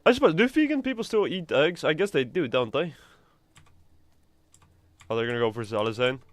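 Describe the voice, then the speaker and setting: A man's voice: a little high, expressive, fairly quick. A man streaming a video game live, chatting and rambling casually and swearing freely. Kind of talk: casual live gameplay commentary.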